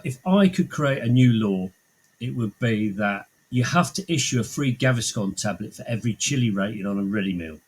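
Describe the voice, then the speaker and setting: A man hosting a podcast, asking questions and making dry, deadpan quips in a casual chat. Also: on the low side, moderate pace, husky, low-quality recording. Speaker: podcast host.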